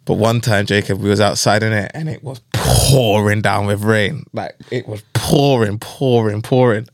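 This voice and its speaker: A man's voice: on the low side, moderate pace, creaky, few pauses, dry recording, studio quality. A young man telling a funny story from his football youth days, full of slang and bursts of laughter. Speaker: podcast guest, footballer. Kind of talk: casual storytelling chat.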